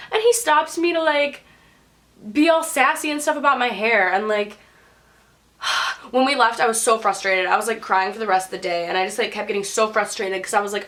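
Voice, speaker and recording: A woman's voice: mid-range voice, a bit bright. A young woman telling a personal story to camera in a chatty vlog style, filling her sentences with "like" and acting out what people said. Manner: chatty, lots of "like", quotes people in put-on voices. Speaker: vlogger.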